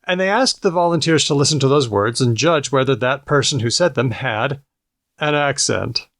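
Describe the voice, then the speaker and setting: A man's voice: mid-range voice, a bit bright, dry recording. Dry, close-miked male podcast host. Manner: explanatory, teasing, quick to laugh. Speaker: podcast co-host presenting research. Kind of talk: casual podcast chat.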